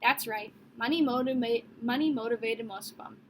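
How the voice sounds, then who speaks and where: A woman's voice: fairly high pitch, normal speed, slight background noise, natural voice, poor audio. A woman voicing a stern, cold middle-aged male prison warden who barks and roars at children. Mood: stern scolding.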